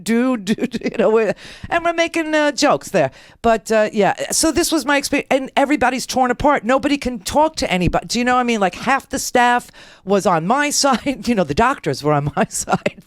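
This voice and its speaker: A woman's voice: a little high, dry recording, studio quality. A middle-aged woman radio host telling a story in a casual, sarcastic way, acting out the people in it. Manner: wry, sarcastic, acts out the people in her stories. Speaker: radio talk show host.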